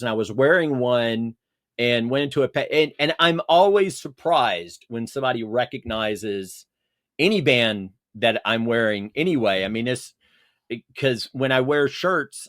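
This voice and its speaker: A man speaking at an ordinary pitch, chatting loosely on a video call. His sound is dry and close, with no room around it. He wanders through his thoughts with plenty of fillers and restarts. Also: fairly bright tone, no room sound. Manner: rambling, many fillers and restarts. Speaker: podcast guest. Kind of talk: casual video-call chat.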